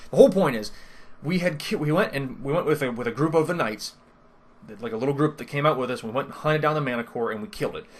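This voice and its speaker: A man's voice: medium pitch, fast. A man casually recounting a tabletop game session, rambling and interrupting himself with lots of fillers. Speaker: first-time game master recapping a campaign. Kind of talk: casual storytelling recap.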